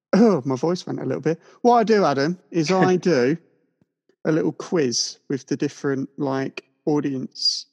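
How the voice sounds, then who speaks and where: A man's voice: a little high, moderate pace, gravelly, a little mellow. A man hosting a podcast, joking and bantering with his guest in casual chat. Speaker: podcast host. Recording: echoey room.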